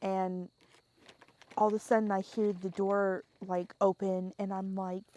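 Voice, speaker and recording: A young woman telling a story in casual podcast chat, animated and laughing often, swearing freely and acting out the scenes. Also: medium pitch, unhurried.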